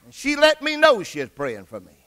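A middle-aged man preaching a sermon as pastor, telling his own testimony and rising to excited outbursts. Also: extremely high pitch, brisk.

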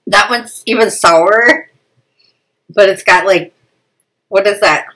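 A woman's voice: mid-range voice, slow, sharp tone, poor audio. A woman in her thirties hosting a casual family snack unboxing, chatty and laughing often, stumbling over foreign names. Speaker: family channel host.

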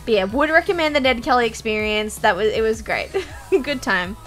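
A young woman, telling stories and reacting on a stream in a giggly, animated way, swearing casually. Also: on the high side, normal speed, soft background music.

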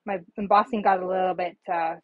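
A woman's voice: fairly low pitch, fairly even intonation, fairly quick, no room sound, narrow, tinny audio. A woman casually showing her handmade paper cards on a live stream, chatty and rambling with many ums. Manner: chatty, rambling, frequent ums, laughs at herself. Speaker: papercraft demonstrator. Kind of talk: casual live craft demo.

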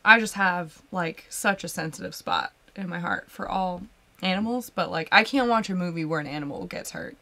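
A woman co-hosting a relaxed live whiskey show, talking casually and expressively. Her voice is bright and crisp, and she reads viewer comments aloud in a chatty way. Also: fairly low pitch, normal speed. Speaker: podcast co-host.

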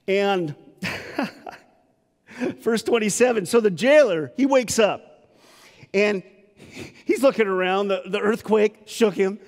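A male pastor giving a sermon and telling its story in a lively, dramatic way. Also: high-pitched, slow, pauses often, big-room sound.

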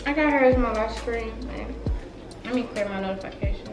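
A woman chatting casually with her twin during a mukbang, slangy and quick to laugh, recorded on a vlog camera at home. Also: fairly high pitch. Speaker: vlogger's twin sister, guest. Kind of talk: casual chat over a mukbang. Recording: echoey room, faint music.

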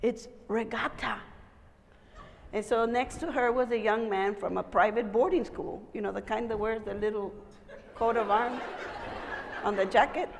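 Animated Mexican American woman in a hall. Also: a little high, moderate pace, gravelly. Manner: animated storytelling, switching between English and Spanish. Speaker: keynote speaker. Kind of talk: conference speech. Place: conference hall. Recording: echoey hall, crowd noise.

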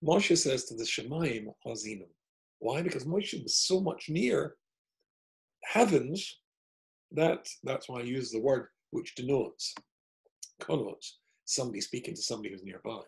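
Gravelly man teaching an online Torah class. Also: mid-range voice, expressive, measured pace, poor audio. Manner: chatty, digressive, thinking aloud while clicking through the text. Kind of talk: online Torah lesson with shared screen.

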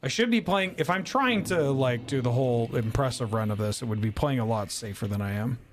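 A man streaming a video game, chatting in a jokey, animated way and telling stories. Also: mid-range voice, a little fast, slight background noise. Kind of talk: casual gaming stream banter.

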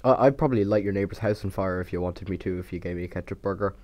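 Young male YouTuber, low and soft-toned, chatty and self-mocking, stutters. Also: very fast. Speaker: Minecraft YouTuber. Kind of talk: casual voice-over of a build time lapse.

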